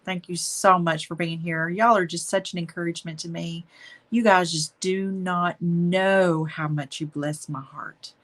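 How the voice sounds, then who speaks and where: A woman's voice: deep voice, level tone, takes it slowly. A woman hosting a live painting stream, chatting affectionately with viewers as she wraps up. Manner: warm, affectionate, chatty, says y'all. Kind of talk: casual live-stream chat.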